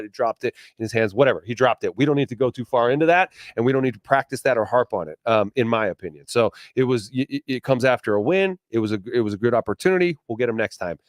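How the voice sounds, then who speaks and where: A man co-hosting a casual sports chat show, talking in an animated way. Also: mid-range voice, no room sound, clean studio sound. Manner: animated, mimics others in put-on voices. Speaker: podcast co-host.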